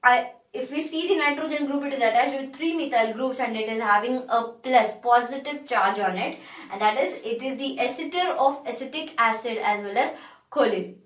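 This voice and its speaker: A woman's voice: fairly high pitch, moderate pace, a bit bright. A woman with an Indian English accent giving a pharmacology lecture, explaining step by step and often restating her points. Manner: explanatory, repeats and restates herself. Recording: echoey room, distant mic.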